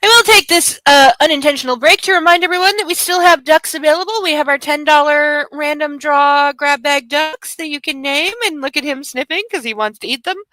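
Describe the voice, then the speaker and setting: Chatty woman with a bright high voice. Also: fairly quick, few pauses, no echo. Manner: chatty, rambling, doting asides to her dog. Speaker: streamer reading aloud to chat. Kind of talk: casual livestream chat.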